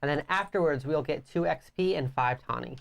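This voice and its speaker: Low-voiced woman narrating a board game. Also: a little fast, vocal fry. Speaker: co-host and story narrator. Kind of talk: board game playthrough, reading story text aloud.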